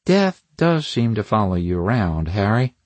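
A man's voice: on the low side, very animated, moderate pace, darkish tone, no echo. A man voicing an anxious female police detective who fires off urgent questions. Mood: gloomy.

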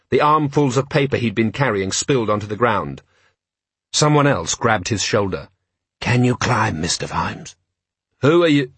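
A man narrating a novel in a measured, dry storytelling manner. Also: mid-range voice, fairly bright tone, slightly rough, no echo. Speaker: audiobook narrator. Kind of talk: scripted narration.

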